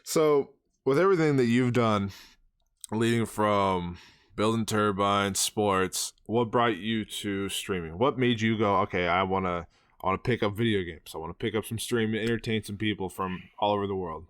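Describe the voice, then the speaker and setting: A man's voice: on the low side, normal speed, a bit bright, smooth, no echo, clean studio sound. A man hosting a casual podcast interview, laid-back, laughing along with his guest and calling him "bro" and "dude". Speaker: podcast host.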